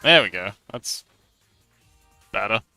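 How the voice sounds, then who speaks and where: A man's voice: lowish voice, expressive, slow, creaky, bright, forceful tone, faint music behind. A man livestreaming as an artist, chatting casually while he draws, rambling and self-deprecating, laughing often and muttering to himself as he works.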